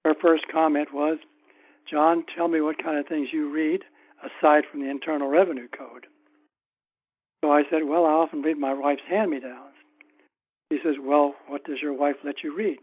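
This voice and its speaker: Guy author telling wry stories in an interview, kinda high voice, sounds like a phone line. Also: fairly even intonation. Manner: anecdotal, unhurried, wry. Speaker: author guest. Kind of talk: casual interview storytelling.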